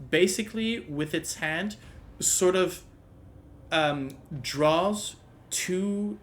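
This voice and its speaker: A man narrating a tabletop game as game master, pausing often with ums and restarts. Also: fairly high pitch, a bit bright. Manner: halting, full of ums and restarts.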